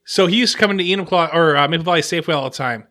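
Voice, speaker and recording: A man's voice: a little high, racing, bright, forceful tone. A man hosting a casual podcast chat, rambling and restarting his sentences as he tells stories. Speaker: podcast host.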